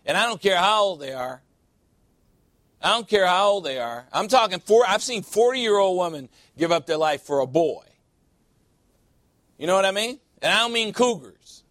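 High-voiced preacher man, dry close sound. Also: bright, forceful tone, no echo. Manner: call-and-response preaching, playful asides. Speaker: pastor. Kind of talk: sermon. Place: church sanctuary.

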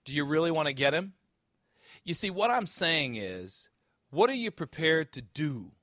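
A man voicing a blunt, menacing older Irish-American police officer, delivering the lines with forceful emphasis. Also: a little high, sing-song, normal speed, dry recording, clean studio sound, voice pushed up.

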